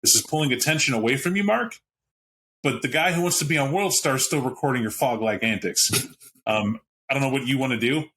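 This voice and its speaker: A man running a tabletop role-playing game as storyteller, narrating lively with frequent chuckles. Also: mid-range voice, fairly quick, a little hiss or hum. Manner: lively, chuckling, jumps into character voices.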